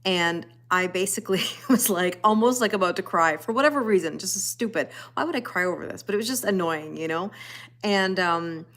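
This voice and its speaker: A woman in her forties with a slightly low voice hosts a tarot livestream from home. She greets viewers one by one and drifts into chatty, rambling stories full of fillers. She sounds close to a webcam mic. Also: fairly quick, a bit bright. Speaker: tarot reader hosting a livestream. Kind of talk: casual chat greeting live viewers.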